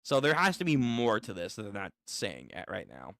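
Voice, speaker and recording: A man's voice: on the low side, huge pitch swings, moderate pace, creaky, fairly bright tone, no echo, studio quality. A man casually reading a manga aloud for his channel, joking and reacting between the panels. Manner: chatty, joking reactions, repeats words. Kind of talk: casual read-through with commentary.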